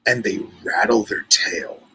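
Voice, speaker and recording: A man's voice: on the low side, measured pace, bright, forceful tone, breathy edge, low-quality recording. A man co-hosting a casual podcast chat, a little congested and nasal, rambling through stories and reading an article aloud. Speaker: podcast co-host.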